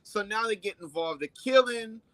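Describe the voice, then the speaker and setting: Man, co-host, earnest, high voice, bright and tense tone. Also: expressive, moderate pace. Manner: earnest, addresses the host as brother. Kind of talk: casual talk show discussion.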